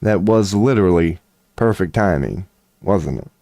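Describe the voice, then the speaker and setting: A man's voice: low voice, lively intonation, a little slow, gravelly, warm tone, no room sound. A toothless man on a casual livestream, rambling and swearing to his chat and laughing at himself. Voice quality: toothless, slightly lisping when mouth is dry. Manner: loose and profane, laughing at himself. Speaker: streamer giving tarot readings.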